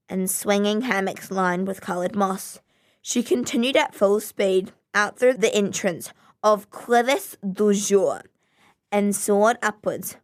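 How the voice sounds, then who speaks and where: Slow, measured woman reading a children's story. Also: mid-range voice. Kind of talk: children's story read aloud.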